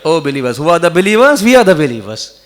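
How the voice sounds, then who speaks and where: Man preaching to a crowd, high voice, big echoey hall, keeps getting them to repeat after him. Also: big pitch swings, fast talker. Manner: coaxes the audience to repeat, rises into fervent emphasis. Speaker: Quran reciter and teacher. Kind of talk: interactive religious talk with recitation. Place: large hall at a religious gathering. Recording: reverberant hall.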